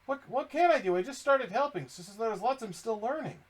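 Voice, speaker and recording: A man's voice: extremely high pitch, animated, fairly quick, voice pushed up. A man voicing an earnest young male diver who stammers and pleads. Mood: flustered.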